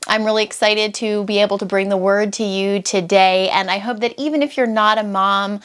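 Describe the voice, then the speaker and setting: A woman's voice: mid-range voice, steady tone, brisk, clear, resonant tone. A woman in her thirties preaching a sermon to camera in an earnest, conversational way, repeating her key phrases. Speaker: pastor.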